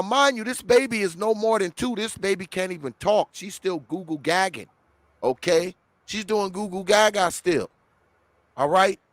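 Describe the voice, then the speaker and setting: A man with a somewhat high voice tells a story on a podcast, animated and full of cursing. The sound is dry and close, with no room echo. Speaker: guest.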